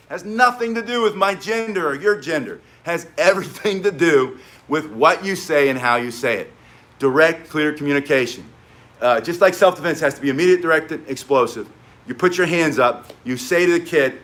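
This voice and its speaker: A man's voice: fairly high pitch, moderate pace. A man teaching self-defense in a casual spoken way, blunt and emphatic as he tells stories. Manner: emphatic, blunt, animated storyteller.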